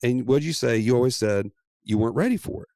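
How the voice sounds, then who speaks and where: A man co-hosting a podcast, telling a story in a playful, animated way and laughing often. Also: medium pitch, fast, no room sound, clean studio sound. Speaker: podcast co-host. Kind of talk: casual storytelling chat.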